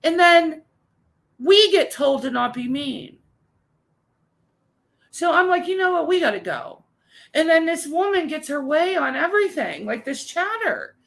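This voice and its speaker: A woman's voice: high voice, lively intonation, unhurried, gravelly, long pauses, a bit bright, low-quality recording. A woman co-hosting a casual chat, telling an exasperated, ranting story. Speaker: co-host.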